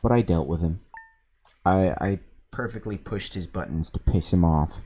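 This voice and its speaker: Low and dark with a breathy edge, this man's voice moves at a moderate pace as he streams a game on a desk microphone. He tells stories casually between moves, swearing freely and laughing along.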